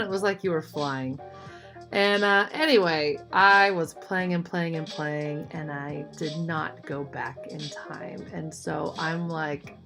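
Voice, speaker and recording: A woman vlogger telling a childhood story in a chatty, animated way, with lots of "like" and "you know". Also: lowish voice. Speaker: art vlogger. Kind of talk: casual storytelling.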